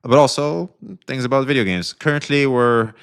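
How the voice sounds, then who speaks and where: A man's voice: mid-range voice, moderate pace, smooth. A man streaming live, casually reacting to a clip, laid-back, swearing and laughing a lot.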